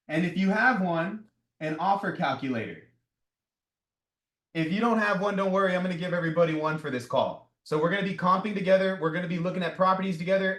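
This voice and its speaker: Male coach, 30s, slightly high voice; energetic group coaching, talks with his hands. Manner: energetic, repeats "right?" and "guys", gestures with his hands while talking. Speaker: real estate wholesaling coach. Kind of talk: live group coaching talk.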